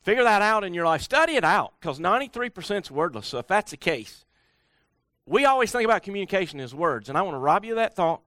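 A middle-aged man giving a folksy, animated motivational talk at a workshop, full of rhetorical questions. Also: high voice, fast, no room sound, clean studio sound. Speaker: speaker at a workshop.

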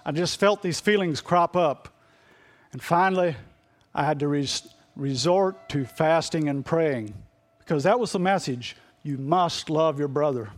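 A middle-aged man whose voice sits a little higher than most men's preaches a sermon. Earnest and confessional, he shares something personal, circling back over phrases and repeating himself as he reaches for the words.

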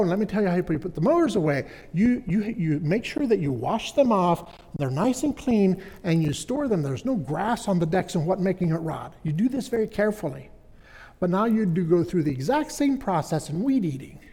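A man's voice: fairly high pitch, dark tone, breathy edge, long reverb tail. A middle-aged man preaching a sermon, telling a personal story in an earnest way, often restarting his sentences.

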